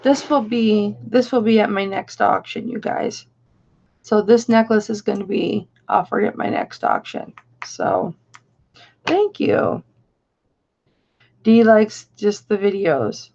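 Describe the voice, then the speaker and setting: A woman's voice: medium pitch, takes it slowly, gravelly, a little mellow, dull audio. A woman hosting a casual live stream, chatty and affectionate as she reads out viewer comments. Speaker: live-stream host and reseller.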